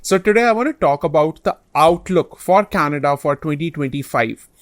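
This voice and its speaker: A man's voice: a little high, animated, moderate pace, dry recording, studio quality. A man hosting an advice channel, explaining study-abroad options earnestly and point by point. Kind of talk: direct-to-camera advice talk.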